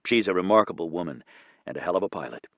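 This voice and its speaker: A male narrator voicing an exhausted, kind businessman who teases gently. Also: low voice, animated, fast, no echo, muffled recording, exaggerated voice. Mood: tired, warm. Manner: gentle teasing.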